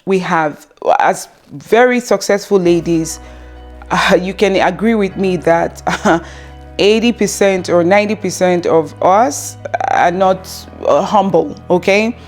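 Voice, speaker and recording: A woman's voice: lowish voice, unhurried, soft background music. A woman in her thirties giving casual relationship advice, chatty and full of fillers, acting out bits of dialogue. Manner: chatty, acts out quoted dialogue, frequent fillers and laughs. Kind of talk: casual advice monologue to camera.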